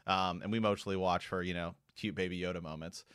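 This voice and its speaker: A man co-hosting a podcast, chatting casually and trailing off into quiet asides. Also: sits low, steady tone, fairly quick, clear, resonant tone, no echo, clean studio sound. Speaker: podcast co-host. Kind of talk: casual fan discussion.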